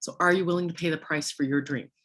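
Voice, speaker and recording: Hoarse woman coaching with bright voice. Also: low voice, steady tone, fast. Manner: fires off rhetorical questions at the listener. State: hoarse, worn-out voice with coughing. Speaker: sales team coach. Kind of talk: motivational coaching talk.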